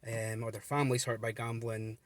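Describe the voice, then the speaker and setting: A man's voice: mid-range voice, little pitch movement, fairly quick. A man talking casually to camera from his car, earnest and rambling, with many ums and restarts. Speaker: vlogger running a gambling support page. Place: inside a car.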